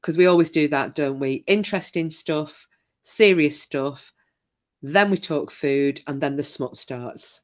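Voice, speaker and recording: A woman's voice: low voice, measured pace. A middle-aged woman, hosting a casual livestream, reading chat messages aloud and trading cheeky, bawdy banter. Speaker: live stream host reading chat.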